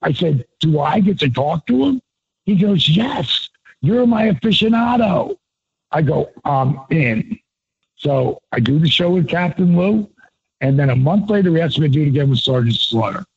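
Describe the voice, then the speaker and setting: A man's voice: fairly high pitch, normal speed, gravelly, husky. A man, a guest on an interview, telling a loose, profane story and acting out each quoted line with voice shifts. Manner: animated, acts out quotes with voice shifts. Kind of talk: casual storytelling. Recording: dull lo-fi, dry.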